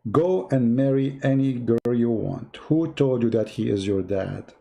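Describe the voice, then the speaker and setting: A man voicing a calm, knowing mother who speaks slowly in a joke. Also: mid-range voice, creaky.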